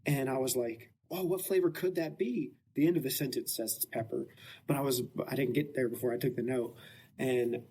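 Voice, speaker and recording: A man hosting a casual book podcast, retelling the plot playfully with quick joking asides. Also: medium pitch, steady tone, a little mellow, a little hiss or hum. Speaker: podcast host.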